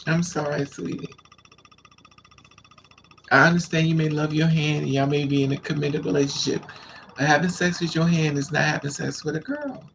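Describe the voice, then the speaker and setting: A man telling a raunchy story to his live chat in a flamboyant, sassy way, laughing and squealing up high. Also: fairly even intonation, normal speed, creaky, long pauses, a bit bright, slight background noise. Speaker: live stream host.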